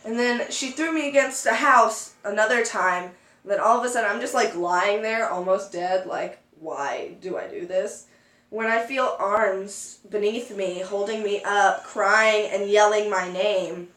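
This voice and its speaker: A young woman vlogger telling a story in a casual chat, animated and acting out quotes. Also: measured pace, echoey room, rough recording. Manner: animated, acts out quotes with sudden high squeals.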